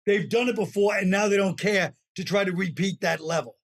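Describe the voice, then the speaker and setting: A man's voice: high voice, brisk, husky. A man, chatting as a comedian guest, wry and rambling, often trailing off mid-sentence. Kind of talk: casual podcast chat.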